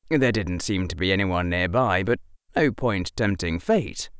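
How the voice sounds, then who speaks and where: Male audiobook narrator, slow and expressive, gravelly, dry close mic. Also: low-pitched, no echo. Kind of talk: fan fiction audiobook narration.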